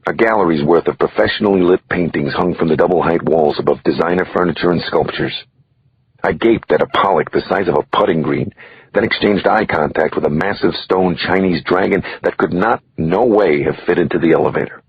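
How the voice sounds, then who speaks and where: Brief: deep, husky male audiobook reader, measured and dramatic, dry lo-fi sound. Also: no room sound. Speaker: audiobook narrator. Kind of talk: scripted audiobook narration.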